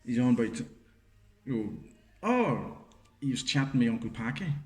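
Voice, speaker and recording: A man's voice: medium pitch, sing-song, normal speed, darkish tone. A middle-aged man, chatting casually as a podcast co-host and spinning a rambling, sweary anecdote. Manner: rambling storyteller, full of fillers and swearing. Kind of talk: casual chat, anecdote telling. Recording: roomy echoey room.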